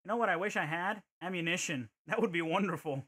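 Streaming a video game, a man chats casually, thinks out loud, and tosses in playful jokes. His voice is high, quick, and sharp-toned.

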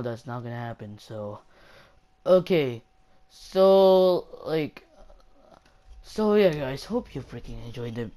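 A woman's voice: very deep voice, dark tone. A woman ranting in a casual vlog, rambling and exasperated, packed with fillers and repetition. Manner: exasperated, mocking. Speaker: YouTuber.

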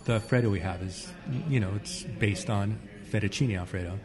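A man's voice: fairly low pitch, a little fast, music in the background. A man who runs a restaurant, chatting casually and easily about his menu. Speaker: restaurant owner. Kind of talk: casual chat. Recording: long reverb with crowd noise.

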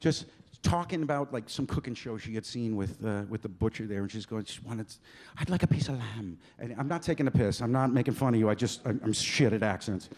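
A man's voice: lowish voice, fairly quick, darkish tone. A man doing stand-up on a comedy club stage, talking loosely and crudely with the crowd.

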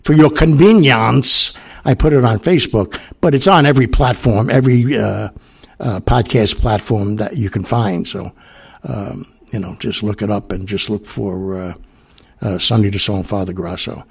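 An older man hosting his own podcast, with a gravelly, husky voice. He rambles through a story in a loose, casual monologue full of fillers and asides. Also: on the low side, normal speed. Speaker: podcast host.

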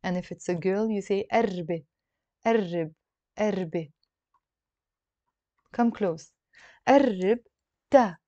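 Female teacher, patient and repetitive, mellow tone, dry slightly dull recording. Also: medium pitch, dry recording. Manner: explains slowly, repeats phrases, switches between languages. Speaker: Arabic teacher. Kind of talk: song-based language lesson.

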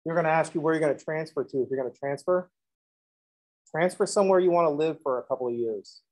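A man's voice: fairly high pitch, fast talker, darkish tone, low-quality recording. A man teaching a math lesson in a classroom, moving from step-by-step explanation into chatty, joking stories and acted-out dialogues. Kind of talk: classroom lecture with joking asides.

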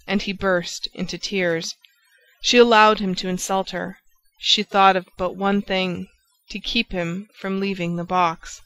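A woman reads a classic novel aloud in steady, measured narration. Her voice sits at an ordinary middle pitch for a woman. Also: rough recording. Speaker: audiobook narrator.

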